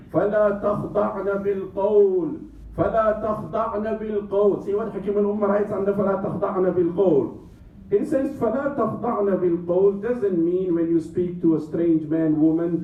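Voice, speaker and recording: Male preacher from Africa, high voice, fervent with wry humour, distant mic, echoey hall sound. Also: phone-quality sound, a little hiss or hum. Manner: impassioned, joking asides, rapid Arabic recitation. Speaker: Islamic scholar. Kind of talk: sermon. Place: large mosque hall.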